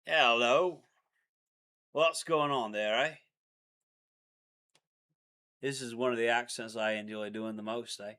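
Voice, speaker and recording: A man's voice: medium pitch, steady tone, takes it slowly, long pauses, pushed and bright, clean tone. A man voicing a cheery Australian bloke with a put-on Australian accent. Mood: jovial.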